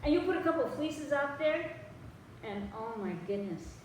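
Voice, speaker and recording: A woman preaching a sermon, telling stories lively and acting out the voices of the people in them. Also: sits high, moderate pace, slight background noise. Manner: animated storytelling, acting out voices in dialogue. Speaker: pastor. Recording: echoey room, mic at a distance.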